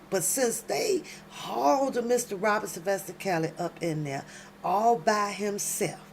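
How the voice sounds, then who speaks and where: Slow-talking woman, late-night commentary. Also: medium pitch, a little hiss or hum. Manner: talks to viewers directly, loud emphatic outbursts, slangy. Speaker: commentary channel host. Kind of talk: late-night casual commentary, reading aloud. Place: home at night.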